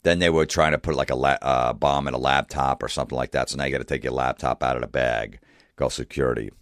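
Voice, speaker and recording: A man with an extremely low voice rants in a profane monologue, exasperated, piling up rhetorical questions. The sound is dry and close, with no room around it. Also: fairly even intonation, quick pace, no echo. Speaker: comedian.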